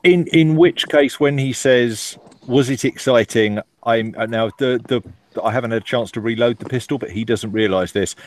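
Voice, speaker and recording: A man taking part as a player in a tabletop role-playing game, speaking in a dry, deliberate way. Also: medium pitch. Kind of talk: casual tabletop game play.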